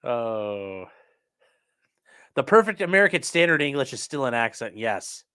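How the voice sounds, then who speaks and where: A man's voice: medium pitch, big pitch swings, measured pace, pushed and bright, clean tone. A man hosting a casual livestream, joking around and reading viewer comments aloud. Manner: jokey, rambling, reads viewer comments aloud. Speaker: livestream host reading chat.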